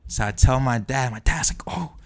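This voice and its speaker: A young man animatedly telling a personal story, acting out the quoted lines of the people in it. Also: medium pitch. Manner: acts out quoted dialogue, quick and lively. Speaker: guest telling his story.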